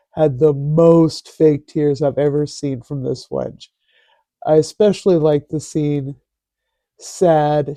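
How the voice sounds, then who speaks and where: Man, sarcastic commentary host, slow-talking, dry close sound. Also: on the high side, warm tone, no echo. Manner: sarcastic, mocking. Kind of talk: casual commentary reading posts aloud.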